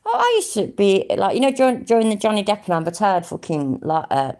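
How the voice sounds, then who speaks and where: A woman's voice: mid-range voice, huge pitch swings, brisk, a little mellow. An English woman rambling casually on a live stream, thinking aloud, humming to herself and swearing freely. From England.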